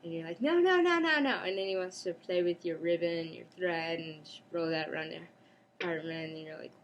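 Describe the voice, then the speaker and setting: A woman's voice: low-pitched, level tone, brisk, muffled recording, a little hiss or hum. A woman chatting casually in a rambling home vlog, breaking off now and then to talk to her pet. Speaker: cosplay vlogger. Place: home apartment.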